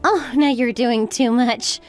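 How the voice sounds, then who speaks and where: A woman's voice: a little high, fairly even intonation, slow pace. A woman playing a friendly young building owner. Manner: polite, friendly. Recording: faint background music.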